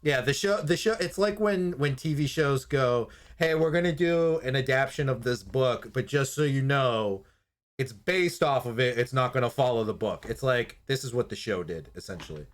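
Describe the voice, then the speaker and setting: A man's voice: mid-range voice, normal speed. A young man co-hosting a casual review chat, rambling and swearing, laughing often and acting out scenes in silly voices. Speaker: podcast co-host reviewing anime.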